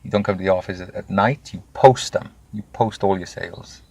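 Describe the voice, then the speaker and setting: Male interview guest, 30s, gravelly low voice, dry close sound, blunt and animated storyteller. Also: brisk, dry recording. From Wales. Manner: animated, swears freely, acts out quoted voices. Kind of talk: candid conversational storytelling.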